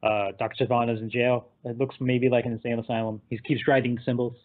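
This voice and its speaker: A man recapping a film in casual chat, animated and laughing, sometimes acting out the characters. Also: medium pitch, quick pace. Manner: animated, acts out characters in quotes, laughs often. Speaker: podcast co-host. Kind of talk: casual movie discussion. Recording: tinny phone-like line.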